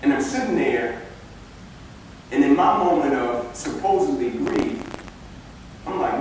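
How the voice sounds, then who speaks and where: Guy preaching motivation from a stage, kinda high voice, big echoey hall, mic far off. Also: measured pace, long pauses, slight background noise. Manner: animated, building to near-shouting emphasis. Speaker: motivational speaker. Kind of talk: motivational speech with storytelling.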